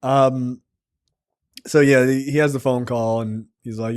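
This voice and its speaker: A man co-hosting a casual film review podcast, joking and talking fast over the others. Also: mid-range voice, fairly even intonation, smooth. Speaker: podcast co-host.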